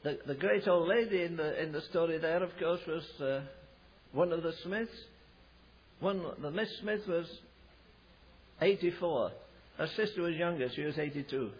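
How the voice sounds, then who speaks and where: A man preaching a sermon, telling a revival story and acting out the voices of the people in it, building to loud, emphatic climaxes. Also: on the high side, slightly rough. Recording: dull lo-fi recording.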